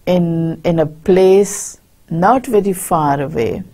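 A woman lecturer talks through a story at an unhurried pace, reading lines aloud and then explaining them. Her voice is low and dark, with a gravelly, husky edge, and she pauses often with fillers and restarts. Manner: slow, hesitant, with many fillers and restarts. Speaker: literature lecturer.

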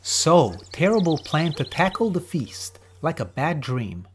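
Lively man reading a rhyming kids' story. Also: a little high, a little slow, a little hiss or hum. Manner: lively sing-song rhyming delivery. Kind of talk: rhyming children's story narration.

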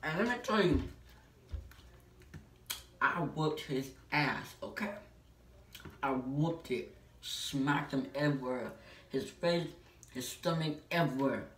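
A woman's voice: very deep voice, lively intonation, slow pace, long pauses. A woman vlogger telling a personal story in a casual, emphatic way, with many filler "like"s. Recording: echoey room, mic at a distance.

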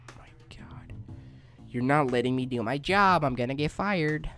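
Excitable young man playing a game. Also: mid-range voice, moderate pace, faint music behind. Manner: excitable, yelps and shrieks when attacked. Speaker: gaming YouTuber. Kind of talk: let's play commentary.

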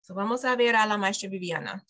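Woman, bright clear voice, patient step-by-step teacher on a video call. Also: medium pitch, fast. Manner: explains step by step, repeats phrases after the teacher. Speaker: preschool director teaching Spanish to parents. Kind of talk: online Spanish lesson for parents.

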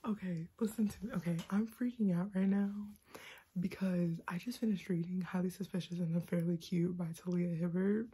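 A sleep-deprived woman in a book vlog, talking fast and giddy in a half-whisper, with a mix of Southern and Californian American accent. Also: on the low side, steady tone, dark tone, a little hiss or hum. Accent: mixed Southern and Californian American. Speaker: book vlogger. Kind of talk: excited early-morning book chat.

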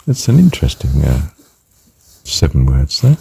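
A man with an extremely low, dark voice that is husky and breathy throughout. He muses over a spiritual idea in an unhurried, ponderous way, repeating phrases as he turns them over. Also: sing-song. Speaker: speaker reflecting on a spiritual phrase. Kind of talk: musing spiritual talk.

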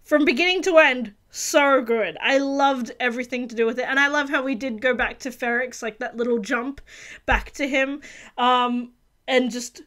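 A woman's voice: high voice, moderate pace, fairly bright tone. A woman hosting a casual video reaction review, talking earnestly and gushingly with many restarts and fillers. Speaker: reaction channel host.

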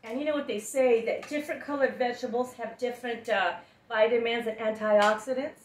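A woman's voice: on the high side, steady tone, a little fast. Chatty woman in an echoey kitchen. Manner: chatty, laughs often, addresses viewers. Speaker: home cooking show host. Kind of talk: casual cooking demo chat. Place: home kitchen. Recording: echoey kitchen with faint noise.

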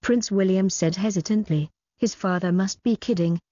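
A woman reading a novel aloud as an audiobook narrator, in an even, measured way, on dull lo-fi audio. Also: mid-range voice, dry recording. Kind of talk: scripted story narration.

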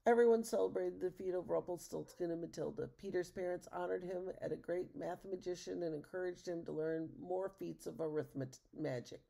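Gravelly woman reading a storybook. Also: on the low side, fairly even intonation, brisk, few pauses, warm tone. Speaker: narrator. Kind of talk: storybook read-aloud.

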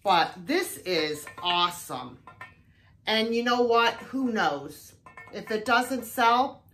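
A woman's voice: medium pitch, fairly bright tone, a little hiss or hum. An older woman chatting casually through a thrift haul video, exclaiming often as she shows off her finds.

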